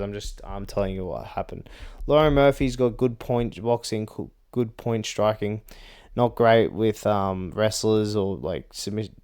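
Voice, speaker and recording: A man's voice: lowish voice, darkish tone, smooth. A young man giving casual MMA fight predictions in a blunt, rambling rant full of swearing and "like" and "bro".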